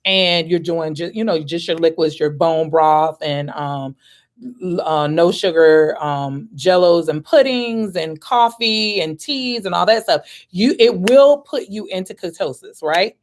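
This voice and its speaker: Chatty woman in her forties. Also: on the low side. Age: 40s. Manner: chatty and candid, laughs easily, pauses with ums; gives herself a pep talk with "girl" and "baby". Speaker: vlogger answering questions. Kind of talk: casual chat.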